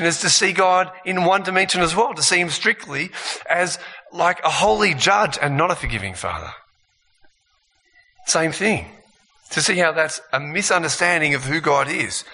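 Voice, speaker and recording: A man preaching a sermon, lively and animated, acting out voices as he makes his points. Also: a little high, long reverb tail. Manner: animated, acts out voices of tempter and accuser.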